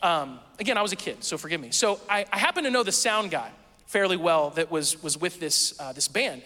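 Bright high-voiced man preaching. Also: fairly quick, in a large hall. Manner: casual, self-mocking, animated storytelling. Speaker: pastor. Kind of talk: storytelling sermon.

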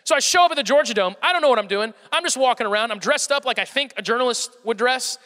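A young man giving a comic storytelling talk to a live audience, animated and self-mocking with playful exaggeration. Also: very high voice, quick pace. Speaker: speaker addressing a live audience. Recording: long hall reverb.

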